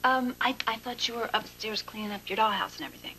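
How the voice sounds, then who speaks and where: A woman's voice: on the high side, fast talker, sharp tone, a little hiss or hum, rough recording. An actress playing a caring young woman with a soothing, coaxing way of talking, in a TV drama. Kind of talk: daytime TV drama acting.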